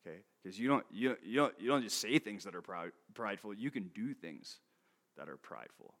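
A man's voice: lowish voice, animated, fairly quick, creaky, fairly bright tone. A man preaching a sermon in a casual, conversational way. He often checks in with "okay?", laughs between points and repeats words as he restarts. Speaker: pastor.

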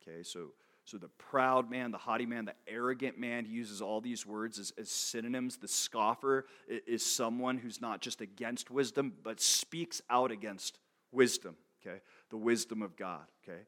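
A man's voice: mid-range voice, normal speed, few pauses, a bit bright. A man preaching a sermon in a casual, conversational way. He often checks in with "okay?", laughs between points and repeats words as he restarts. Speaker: pastor.

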